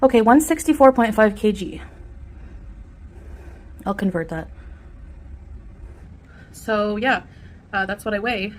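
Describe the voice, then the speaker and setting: A woman vlogger chatting casually to her viewers while eating a meal, rambling and pausing to chew. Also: mid-range voice. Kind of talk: casual eating vlog chat.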